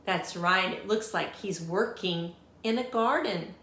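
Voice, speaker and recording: A woman teacher reads a picture book aloud to children at a slow, unhurried pace, in a bright, clear, medium-pitched voice. She stops often to ask the kids questions. The room sounds echoey.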